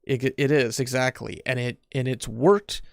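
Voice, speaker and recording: A man's voice: mid-range voice, fairly even intonation, normal speed, vocal fry, no room sound. Dry-sounding man chatting, stumbling restarts. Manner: stammering restarts, laughs often. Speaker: podcast co-host. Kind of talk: casual chat.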